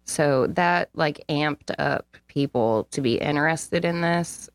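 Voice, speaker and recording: A young woman with a low-pitched voice co-hosting a podcast, reading historical dates and breaking off into blunt, profane comments. She sits close to the mic in a dry, dead room. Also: takes it slowly, no echo. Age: young adult. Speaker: co-host. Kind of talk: casual podcast chat.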